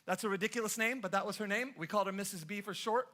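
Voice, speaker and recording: A man's voice: high-pitched, rapid-fire, pushed and bright. A man from the Los Angeles area preaching a sermon, telling stories and teasing his congregation in a playful, joking way. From Los Angeles area, USA. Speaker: pastor. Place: church service before a congregation.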